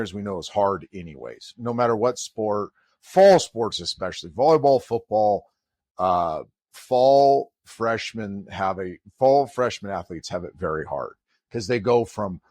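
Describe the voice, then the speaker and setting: Animated middle-aged coach telling a story. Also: male voice, on the low side, dry recording, studio quality. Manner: animated storyteller who acts out quoted dialogue. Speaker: college volleyball head coach. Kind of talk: storytelling in a podcast conversation.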